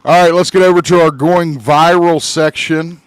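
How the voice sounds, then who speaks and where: A man's voice: a little high, fairly even intonation, normal speed, clean tone, no echo. A man co-hosting a podcast in casual chat, loose and rambling with many fillers and restarts. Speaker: podcast co-host.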